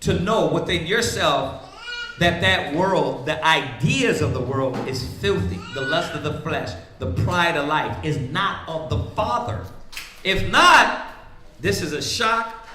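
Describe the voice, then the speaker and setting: A man's voice: on the high side, animated, slow, bright, forceful tone, echoey room, slight background noise. A man preaching in a casual, conversational way, often asking "right?" and acting out the voices of the people he quotes. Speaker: priest teaching scripture.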